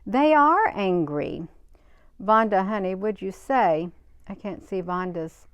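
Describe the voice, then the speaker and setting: Smooth-voiced woman chatting on a livestream. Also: medium pitch, expressive, slow pace, no room sound, highs cut off. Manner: emphatic, repeats her points in short bursts. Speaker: livestream host. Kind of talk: casual live-stream chat, reading viewer comments.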